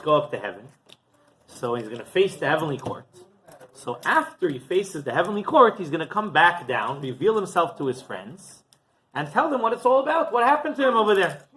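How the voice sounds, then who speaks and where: Rabbi telling a story in his sermon, bright voice, really lively pitch, chatty. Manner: animated, conversational, asks "right?" often.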